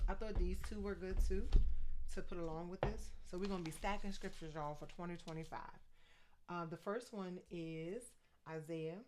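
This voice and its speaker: A woman in her forties from New Jersey, a faith and fitness coach talking fast and excitedly in a motivational vlog. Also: lowish voice. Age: 40s.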